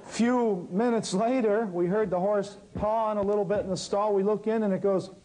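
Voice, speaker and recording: Animated man telling a story. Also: sits high, normal speed, a crowd in the background, poor audio. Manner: animated storyteller, acts out quotes. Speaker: herbal healer telling a story. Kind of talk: storytelling talk.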